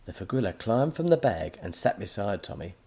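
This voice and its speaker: A man narrating a children's audiobook in a lively storytelling manner. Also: lowish voice, a little fast, husky.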